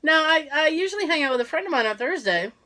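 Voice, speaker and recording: A woman's voice: sits high, fast. A woman co-hosting a casual podcast, sick with a cough, telling a story with lots of laughs and quoted voices. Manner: animated storytelling, acting out quotes, laughing often. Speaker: podcast co-host. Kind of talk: casual chat.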